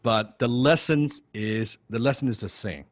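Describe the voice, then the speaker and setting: A man's voice: mid-range voice, unhurried, dry recording. Man coaching sales over a call. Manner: chatty, self-correcting, explanatory. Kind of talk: sales training role-play.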